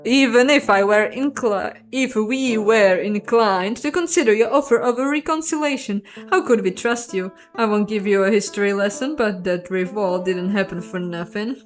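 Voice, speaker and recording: A woman's voice: mid-range voice, moderate pace, few pauses, close to an everyday voice. Woman playing cold foreign nobleman, put-on foreign accent, terse, guarded, young man, guitar music behind. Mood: wary.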